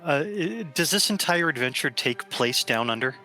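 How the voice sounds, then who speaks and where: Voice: mid-range voice, animated, normal speed, bright, forceful tone, faint music behind. A tabletop game player making dry, wry asides.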